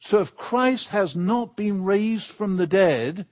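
An Englishman preaching a sermon from the pulpit as a guest speaker, leaning hard and slowly on the key words. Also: high voice, expressive, highs cut off. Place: church pulpit.

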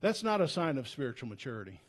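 Preaching at a quick pace with big pitch swings, a pastor delivers a sermon in church. He is earnest and conversational, often restarting, and shifts from loud urgency to quiet, low tones.

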